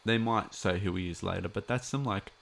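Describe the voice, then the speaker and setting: A man's voice: lowish voice, brisk, gravelly, fairly bright tone. A man chatting casually as a live streamer, rambling with many fillers.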